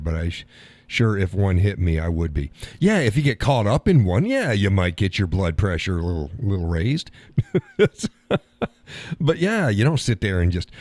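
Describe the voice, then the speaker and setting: A man's voice: on the low side, a little mellow, dry recording. A man hosting a live stream, chatting casually and reading comments from his chat, swearing easily and laughing often.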